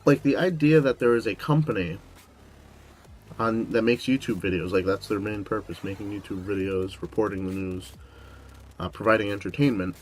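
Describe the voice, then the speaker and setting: A young man hosting a casual Q&A vlog, rambling with lots of "like" fillers, his voice going a bit hoarse. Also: lowish voice, moderate pace, a little hiss or hum. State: losing his voice. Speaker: YouTube host.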